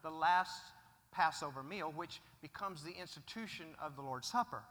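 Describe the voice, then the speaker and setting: A man preaching a sermon as pastor, swinging from loud declarations to hushed asides. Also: a little high, normal speed. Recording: long reverb of a large hall.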